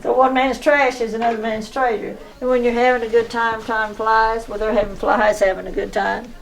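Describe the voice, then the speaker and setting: A woman's voice: on the high side, flat delivery, normal speed, poor audio. Folksy woman in her nineties. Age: 90s. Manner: chatty, folksy, laughs through her stories. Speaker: frog museum owner. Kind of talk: casual storytelling tour. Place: indoor shop museum full of collectibles.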